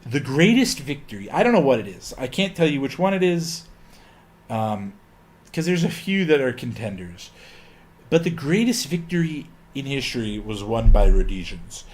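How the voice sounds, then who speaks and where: A man's voice: medium pitch, sing-song, normal speed. A man giving a casual history lecture, rambling along with many fillers and opinionated asides.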